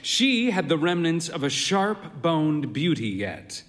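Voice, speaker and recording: A man's voice: on the high side, very animated, slow, a bit bright. A man narrating a story as a weary, wry pub keeper. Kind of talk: storytelling reading. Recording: long hall reverb.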